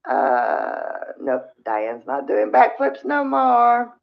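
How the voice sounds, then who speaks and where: Her medium-pitched voice swings hugely in pitch, with drawn-out words and vocal fry. This middle-aged livestream host vents to viewers in a rambling casual chat, sighing often, over dull lo-fi audio.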